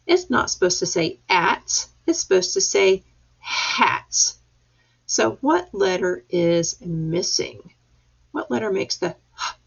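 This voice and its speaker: A woman's voice: mid-range voice, vocal fry, slightly rough. A woman teacher leading a reading lesson for young children, patiently sounding out letters and words. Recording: dull lo-fi recording.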